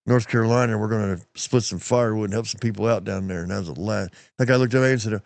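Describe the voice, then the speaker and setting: A man's voice: mid-range voice, fast, dry recording. A plain-spoken, folksy middle-aged man tells stories on his podcast, now and then slipping into other people's lines. His voice sits in an ordinary middle range. The sound is close and dry, with no room around it. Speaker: podcast host. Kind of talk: casual storytelling chat.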